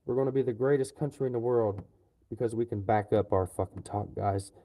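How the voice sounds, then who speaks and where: A man ranting profanely and loudly to his livestream viewers. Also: on the low side, a little fast. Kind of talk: livestream rant.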